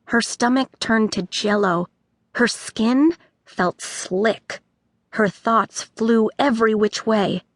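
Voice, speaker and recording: A woman narrating a children's audiobook with expressive storytelling. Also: fairly high pitch, slow, no echo, clean studio sound.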